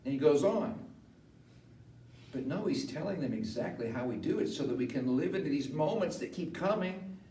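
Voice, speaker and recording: A man preaching a funeral sermon in a conversational way that rises to animated emphasis. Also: on the high side, normal speed. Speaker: pastor. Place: funeral home chapel. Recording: echoey room from far off, faint hiss.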